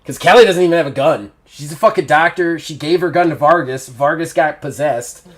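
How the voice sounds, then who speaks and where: A man narrating as game master, animated and quick to laugh. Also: a little high.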